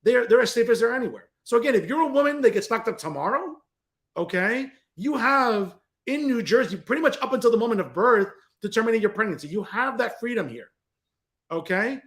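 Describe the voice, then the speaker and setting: A male political commentator who hosts his own show and delivers a combative, sarcastic rant straight at his targets. His voice sits fairly high for a man, and he keeps turning to the audience with "folks.". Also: animated, a little fast, fairly bright tone. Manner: repeatedly addresses listeners as folks. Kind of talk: opinionated political commentary monologue.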